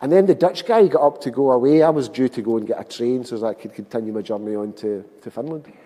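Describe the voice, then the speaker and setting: A man's voice: mid-range voice, fast talker, warm tone. A man in his fifties with a Glasgow accent, telling wry, self-mocking stories as a speaker at a public event. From Scotland. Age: 50s. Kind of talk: storytelling speech to an audience. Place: public hall. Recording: long hall reverb.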